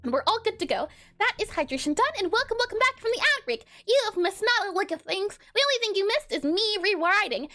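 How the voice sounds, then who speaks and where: High, lively, giggly woman streamer. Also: fast talker, faint music behind. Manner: playful, giggly, chatty. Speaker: game developer streaming. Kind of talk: casual live-stream coding chat.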